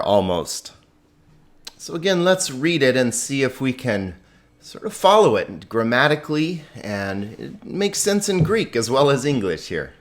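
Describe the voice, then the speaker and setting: A male teacher walking students through a grammar lesson at a slow, deliberate pace. His voice sits in an ordinary middle range. He stresses key words and chuckles lightly as he explains. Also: mid-range voice, big pitch swings. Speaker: Greek teacher.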